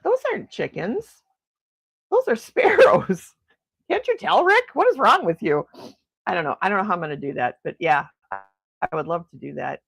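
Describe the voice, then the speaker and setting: A woman chats through a casual morning livestream from her home, greeting viewers and reacting to their comments with frequent exclamations. Her pitch swings widely and animatedly as she talks. She speaks into a desk microphone, and the sound is dry and close. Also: sing-song, fairly quick, creaky, fairly bright tone, slightly rough, no room sound. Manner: chatty, exclaims often. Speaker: livestream host. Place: home in snowy Milwaukee.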